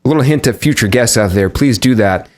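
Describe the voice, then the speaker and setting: A man's voice: mid-range voice, brisk. A man hosting a podcast, introducing his guest and asking questions in a conversational, self-correcting way. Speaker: podcast host.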